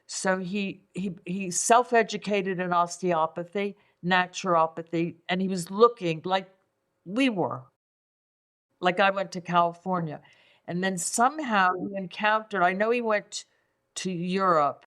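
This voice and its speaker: Her voice sits on the low side this time, a little slow and a bit bright. The older English five element acupuncturist is a guest in a conversational podcast interview, reflective and prone to repeating words while she finds them.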